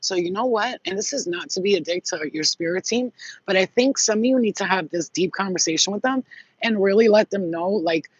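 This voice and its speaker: A husky, breathy woman chats bluntly through a channeled psychic reading, cursing freely and talking right to her viewers. The recording is dry and a little dull, with no room sound. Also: mid-range voice, brisk, no echo. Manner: chatty, blunt, swears freely, addresses viewers directly. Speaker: psychic reader. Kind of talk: casual channeled reading to camera.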